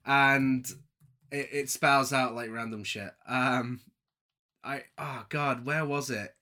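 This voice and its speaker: Man, bright tone, casual film recap, jokey and camp. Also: medium pitch, fairly even intonation, slow. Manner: jokey, laughs often, camp asides, acts out quotes. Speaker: podcast co-host recapping a film. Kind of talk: casual chat.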